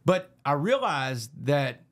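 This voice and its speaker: A man, a podcast guest, telling his story in an intense, rapid way. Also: on the high side, big pitch swings, fairly bright tone, dry recording. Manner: fast, intense storytelling with gravelly voice.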